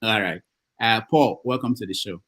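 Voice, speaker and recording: A man hosting a call-in show, briskly moving between callers. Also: lowish voice, a bit bright. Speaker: host.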